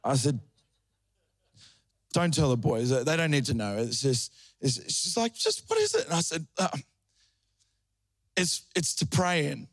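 A man's voice: medium pitch, unhurried, pauses often, no room sound, studio quality. A middle-aged man preaching a sermon, telling a story and then rising into fervent preaching. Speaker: pastor.

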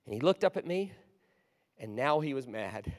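A man in his forties preaching a storytelling sermon, animated, moving from hushed asides to loud bursts. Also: medium pitch, normal speed. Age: 40s. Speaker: guest preacher. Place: large church hall. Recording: long hall reverb.

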